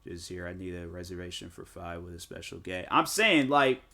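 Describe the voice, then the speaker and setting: A man, a game streamer telling stories in casual chat and jumping into high mock voices. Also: a little fast. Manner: animated storytelling, jumps into high-pitched mock voices. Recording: music playing behind.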